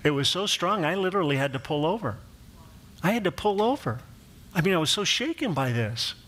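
A man's voice: high-pitched, sing-song, brisk, fairly bright tone, slight background noise. A middle-aged male pastor telling a personal story in a sermon, acting out quoted voices and laughing along with his own jokes.

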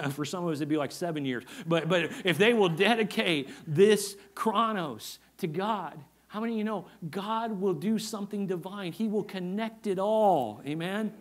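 Man, pastor, high voice, emphatic sermon, repeats phrases, asks for amens. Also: moderate pace, hardly any pauses.

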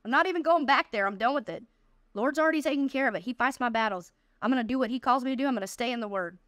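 A woman's voice: a little high, rapid-fire, no room sound, studio quality. A woman delivering a fervent podcast sermon, exhorting listeners with emphatic, repeated declarations. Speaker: podcast speaker.

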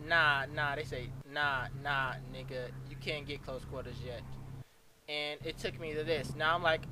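A man doing a rambling, cursing young street-talking gamer, fairly high voice, noisy home recording. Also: lightly acted. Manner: rambling, profane, stammering restarts. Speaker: game reviewer. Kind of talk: comedic rant review.

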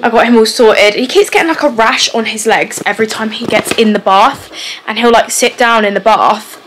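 Chatty young mum, fairly high voice. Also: female voice, brisk, a bit bright, a little hiss or hum, low-quality recording. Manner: chatty and rambling, lots of "like". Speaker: vlogger, mum. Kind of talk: casual vlog chat to camera. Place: at home, indoors.

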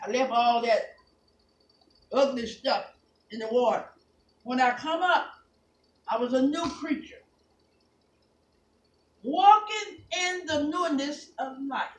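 A woman preaching a Pentecostal sermon, moving from quiet talk to shouted, half-sung preaching. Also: high voice, slow pace, pauses often, a little hiss or hum. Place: church sanctuary. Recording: echoey church from far off. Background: organ playing.

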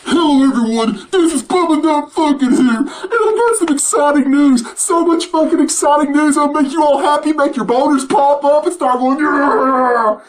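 A man delivering a loud, mocking, profanity-filled rant, laughing as he goes. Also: very high-pitched, normal speed, hardly any pauses, rough recording. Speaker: vlogger.

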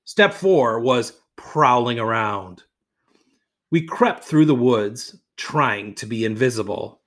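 A man, a school teacher, reading a children's picture book aloud in an expressive storytelling voice. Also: medium pitch, takes it slowly.

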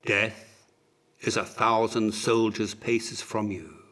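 A man reading an audiobook, voicing a grave court physician who speaks quietly and sadly. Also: on the low side, fairly even intonation, slow. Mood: solemn. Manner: quiet, solemn counting. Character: grave male court physician, solemn and sad.

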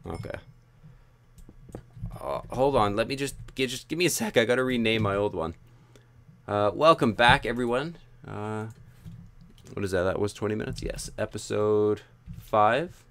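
A man's voice: on the low side, normal speed, long pauses. A young man commenting on his own gameplay, muttering frustrated self-talk with sudden yelps. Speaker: gaming YouTuber.

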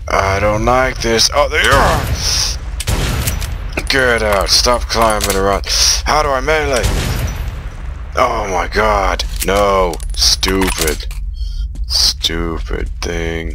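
Jumpy gravelly gamer, deep slow voice. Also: male voice, lively intonation, noisy background. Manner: jumpy, easily scared, lots of exclamations. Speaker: gaming video host. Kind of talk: horror game let's play commentary.

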